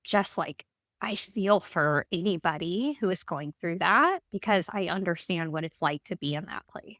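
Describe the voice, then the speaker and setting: Candid, expressive woman in a dry recording. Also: on the low side, normal speed, no echo. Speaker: guest, breathwork guide. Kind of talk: podcast interview.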